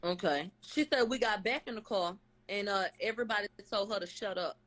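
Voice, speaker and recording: A woman's voice: medium pitch, brisk, a bit bright. A woman giving a casual, profane live recap, rattling off what people said and acting out their quotes. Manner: blunt, profane, slangy, quotes testimony in acted voices. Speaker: vlogger recapping a court case.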